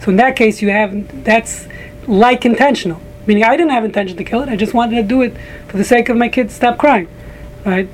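A man's voice: extremely high pitch, fairly quick, a little hiss or hum, low-quality recording. A man teaching a casual group Talmud class, rambling with frequent restarts and joking asides to a small room of listeners.

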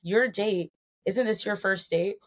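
A woman's voice: mid-range voice, unhurried. A woman in her twenties hosting a solo podcast, a little tipsy, telling a long story in a chatty, rambling way with self-corrections. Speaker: podcast host.

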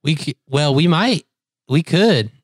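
A man co-hosting a podcast, rambling through a story in loose casual chat. He jumps into high, squeaky voices whenever he quotes someone. The sound is dry and close. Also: animated, measured pace, no room sound. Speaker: podcast co-host.

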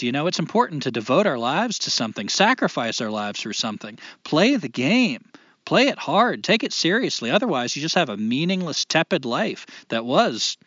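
A man's voice: fairly high pitch, fairly bright tone, dry recording. Reflective man on a lo-fi podcast. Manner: reflective, emphatic, swears casually. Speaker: podcast co-host. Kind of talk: casual podcast chat.

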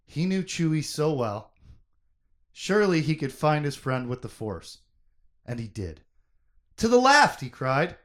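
A man's voice: medium pitch, animated, a little slow. Man reading a novel aloud with drama. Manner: reads aloud with dramatic emphasis, shouting quoted lines. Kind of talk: casual chat and dramatic book reading.

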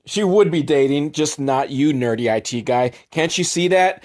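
A man hosts a comedy podcast, recapping a film sarcastically with profanity and quick mock voices for the characters. His voice is fairly high-pitched with a darkish tone.

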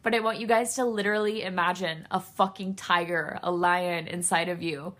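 A woman's voice: on the low side, fairly even intonation, moderate pace, fairly bright tone. Candid, emotional woman podcaster. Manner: raw, emotional, candid, swears freely. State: emotional, near tears. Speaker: podcast host. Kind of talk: solo podcast monologue.

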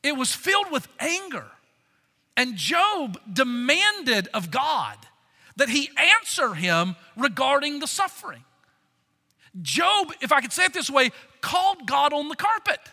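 A man preaching a sermon in a church sanctuary, earnest and expressive, often asking the congregation rhetorical questions. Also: extremely high pitch, unhurried, vocal fry, big-room sound. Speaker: pastor.

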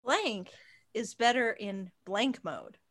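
A woman's voice: mid-range voice, animated, slow pace, fairly bright tone. A woman co-hosting a comedy podcast, reading game cards, laughing often and swearing bluntly. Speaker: podcast co-host. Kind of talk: casual comedy chat during a card game.

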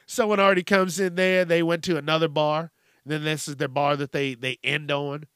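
A man's voice: fairly high pitch, moderate pace, clear, resonant tone, no room sound. Podcast host, male, profane comic rant, dry close sound. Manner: profane, animated, acts out voices. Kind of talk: casual comedic rant.

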